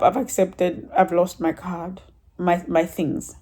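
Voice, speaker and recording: In a warm, lowish voice with a steady tone, a woman tells her church testimony unhurriedly, pausing often. She rambles chattily through the casual story, laughing a lot and getting a little emotional.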